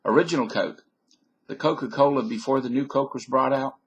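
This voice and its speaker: A man's voice: mid-range voice, brisk, husky, highs cut off. An older man, rambling folksy to his webcam with jokes and digressions. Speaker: vlogger. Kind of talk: rambling monologue to camera.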